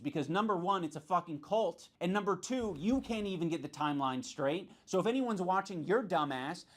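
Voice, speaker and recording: A man with a fairly high voice lays out a grievance in a commentary video. He sounds accusatory and sarcastic, stressing what he sees as the other side's faults.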